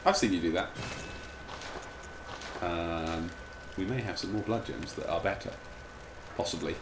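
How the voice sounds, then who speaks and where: Low-voiced man chatting while gaming. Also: unhurried, reverberant, background noise. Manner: rambling, distracted while playing. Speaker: gaming streamer. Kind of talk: casual gameplay chat.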